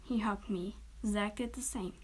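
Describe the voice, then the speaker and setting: Woman storyteller, gentle half-whisper, mid pitch, small restarts. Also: fairly even intonation, measured pace, breathy edge, rough recording. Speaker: storyteller reading her own story. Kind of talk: soft-spoken story reading.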